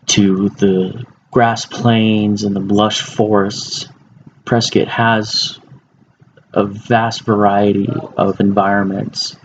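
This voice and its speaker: Low gravelly young man giving a speech. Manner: informal, with fillers and restarts. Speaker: student speaker. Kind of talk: informative class speech. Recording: muffled lo-fi recording with faint background hiss.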